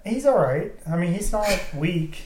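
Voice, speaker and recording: Man in his thirties, higher voice, rambling storyteller, echoey room, faint hiss. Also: very animated, unhurried. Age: 30s. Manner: rambling, restarts and profanity. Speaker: podcast co-host. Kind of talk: casual storytelling chat.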